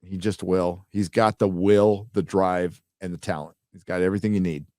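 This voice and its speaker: A man with a fairly low voice chats casually as a livestream host, rambling and dropping the odd curse word as he reads donations. The sound is dry and close, with almost no room around him. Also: fairly even intonation, normal speed, mellow, no room sound. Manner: rambling, loose, profane.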